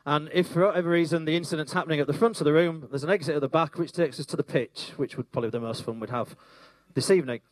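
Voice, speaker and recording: A man's voice: on the high side, racing, no echo. A man giving a hesitant fire safety briefing at an event in a function room. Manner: hesitant, many fillers. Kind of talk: safety announcement.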